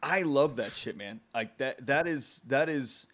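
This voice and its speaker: A man's voice: mid-range voice, measured pace, a bit bright. A man in a casual podcast conversation, talking with enthusiasm and swearing casually.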